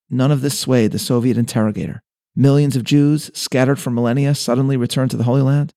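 A man hosting a short reflective talk, reading his script and long quotations in a measured, earnest way. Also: medium pitch, mellow, no echo, studio quality. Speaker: host.

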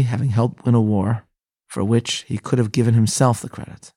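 A man's voice: lowish voice, fairly even intonation, a little fast, dark tone, no room sound, clean studio sound. A man giving a scripted Bible lesson, reading scripture aloud with earnest, solemn emphasis. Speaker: rabbi teaching a daily Bible lesson.

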